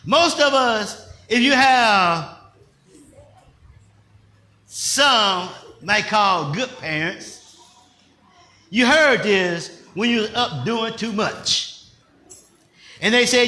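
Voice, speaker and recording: An older man, a pastor, preaching in a conversational style with call-and-response questions, rising at times to shouts. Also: extremely high pitch, animated, slow pace, long pauses, echoey room. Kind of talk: sermon.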